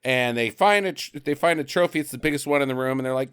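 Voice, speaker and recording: A man's voice: fairly high pitch, animated, fast, few pauses, clear, resonant tone. Guy recapping a movie on a podcast, goofy and laughy, voice jumps all over. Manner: jokey, laughs often, acts out quotes. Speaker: podcast co-host. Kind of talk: casual chat, recapping a film.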